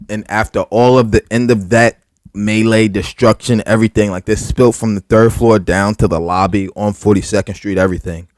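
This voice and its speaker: A man on a podcast retells a rough night at length, full of "like" and restarts and a lot of swearing. His voice sits on the low side, and the sound is close and dry, with no room around it. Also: dry recording. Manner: heavy filler words, profane, animated retelling. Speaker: podcast co-host. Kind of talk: casual storytelling.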